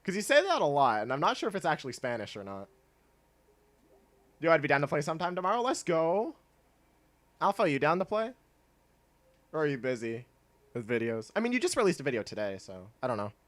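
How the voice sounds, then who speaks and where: A young man casually chatting with his chat while playing a video game, laid-back and quick to laugh. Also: fairly high pitch, very animated, a bit bright. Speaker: streamer.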